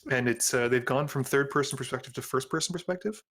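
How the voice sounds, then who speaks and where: A man's voice: mid-range voice, quick pace, a bit bright. A man chatting casually at a card game, easygoing and a little hesitant, repeating words as he thinks. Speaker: player.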